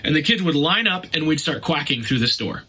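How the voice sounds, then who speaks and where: A middle-aged man hosts a podcast in an upbeat, chatty way. His voice is bright and forward and sits a little high for a man. He talks casually and acts out little scenes as he goes. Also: animated, brisk, slightly rough, poor audio. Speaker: podcast host. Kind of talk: casual advice talk.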